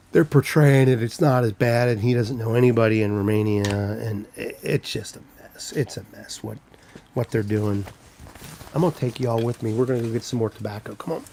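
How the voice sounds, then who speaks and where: A man's voice: mid-range voice, fairly even intonation, normal speed, warm tone, slight background noise. Rambling man chatting on a livestream. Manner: rambling, greets chat viewers by name. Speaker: livestream host. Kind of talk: casual live-stream chat. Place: walking around his home.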